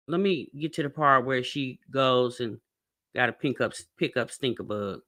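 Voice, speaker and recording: A woman's voice: a bass voice, unhurried, a bit bright, faint music behind. A woman hosting a reaction video, giving blunt, sassy commentary and speaking straight to the person on screen.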